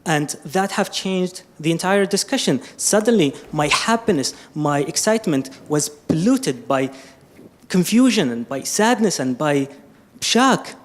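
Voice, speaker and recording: Emotional guy at a lecture mic, kinda high voice, halting and pleading. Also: animated, a little hiss or hum. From Syria. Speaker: audience member asking a question. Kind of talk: emotional public question at a lecture. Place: lecture hall.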